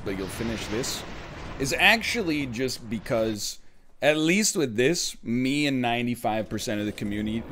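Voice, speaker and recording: A man streaming a video game, reacting to chat with sarcastic, animated commentary and sudden shouts. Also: medium pitch, noisy background. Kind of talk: casual live-stream commentary while gaming.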